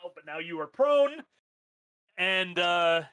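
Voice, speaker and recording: A man's voice: a little high, animated, normal speed, fairly bright tone, no echo. A man running a tabletop game as game master, making plain rules calls with a few fillers.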